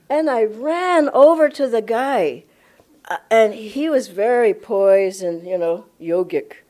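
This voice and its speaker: Older woman, lively storyteller. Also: high voice. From Los Angeles, USA. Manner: enthusiastic, laughing often, reenacting her own surprise. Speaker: spiritual director giving a satsang talk. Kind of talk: personal storytelling talk.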